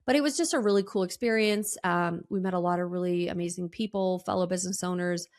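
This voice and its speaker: A woman's voice: lowish voice, quick pace, a little mellow. A woman hosting a solo podcast, telling a personal story in a chatty way with many ums and restarts. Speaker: podcast host.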